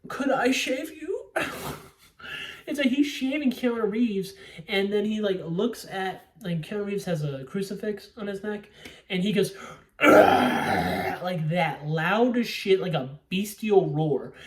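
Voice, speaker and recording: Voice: medium pitch, normal speed, darkish tone, far from the mic. A young adult movie reviewer chatting casually, rambling, swearing freely and laughing often. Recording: roomy sound, away from the mic.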